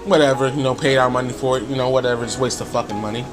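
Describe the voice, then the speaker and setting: A man's voice: medium pitch, steady tone, rapid-fire. A man on his own channel telling a story in a casual, rambling way, with many fillers and chuckles, over background music. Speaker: YouTuber.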